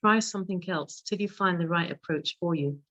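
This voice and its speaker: A woman's voice: on the low side, fairly quick, a bit bright, dry recording. A woman with a London accent, a hypnotherapist speaking as a guest in a casual interview, emphatic and affirming.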